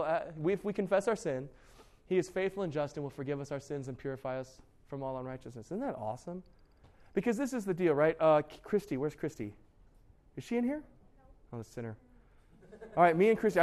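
A young man preaching a sermon as youth pastor, casual and joking, with lots of fillers and restarts. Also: fairly high pitch.

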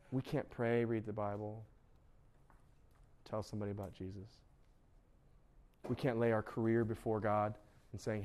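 Animated man preaching to teens. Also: medium pitch. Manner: conversational, animated, acts out quoted voices. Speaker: youth pastor. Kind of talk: youth sermon.

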